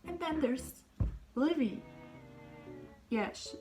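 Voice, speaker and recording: A young woman chatting casually about books on her vlog, gushing and rambling, often dropping into breathy whispered asides. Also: mid-range voice, lively intonation, slow, long pauses, over music, low-quality recording. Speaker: book vlogger. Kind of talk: casual book talk.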